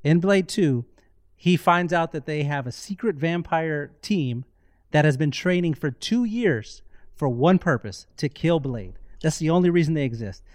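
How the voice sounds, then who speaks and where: A man co-hosting a podcast, telling stories excitedly and swearing freely in casual chat. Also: fairly high pitch, a little slow, no echo, clean studio sound. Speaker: podcast co-host.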